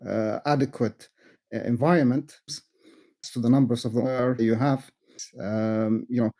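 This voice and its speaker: A man speaking in a group discussion, measured and thoughtful, with many fillers and repeated words. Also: medium pitch, mellow, rough recording. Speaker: speaker in a live audio discussion.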